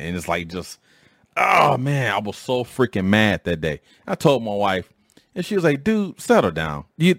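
A middle-aged man with a fairly low voice tells a story in a casual, slangy monologue. He jumps way up in pitch when he quotes himself or others. The sound is dry and close, with no room around it. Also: dry recording. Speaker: podcast host.

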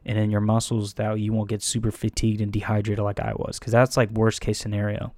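A young man telling a casual, profane story about taking a firefighter test, rambling and animated with frequent restarts. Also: lowish voice, fairly quick, no echo. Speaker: firefighter candidate.

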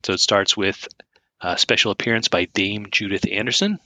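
A man's voice: fairly low pitch, normal speed, pushed and bright, no echo. A man co-hosting a podcast in casual chat, rambling with many fillers and restarts. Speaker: podcast co-host.

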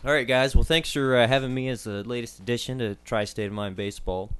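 On a laid-back sports podcast, the young medical contributor walks through injuries calmly, dropping many ums and uhs. He has a medium-pitched, steady voice that is clear, resonant, and a bit bright.

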